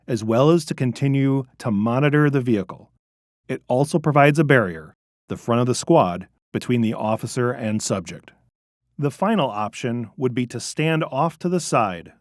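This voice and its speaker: A man narrates a training video in a measured, instructive voice of medium pitch. The recording is close and dry, with no room sound. He lays out each point steadily. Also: dry recording.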